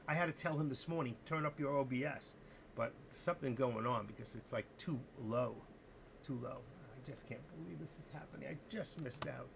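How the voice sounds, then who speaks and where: Gravelly man day-trading live on stream. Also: mid-range voice, background noise. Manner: talks to himself, swinging between excitement and frustration. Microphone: desk mic through streaming software.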